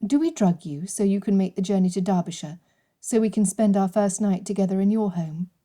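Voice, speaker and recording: A quick-witted young bride teases and answers plainly, with a lively, direct manner, as a woman narrator plays her. The voice is mellow and warm rather than bright. It is audiobook character reading. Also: mid-range voice, natural voice. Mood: playful. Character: witty, forthright young bride.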